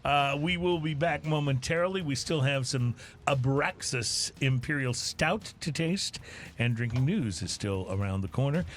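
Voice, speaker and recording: A man's voice: mid-range voice, lively intonation, slight background noise. A man hosting a casual podcast, affirming his guests and steering the talk to the next segment. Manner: friendly, quick to affirm and steer. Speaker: podcast host.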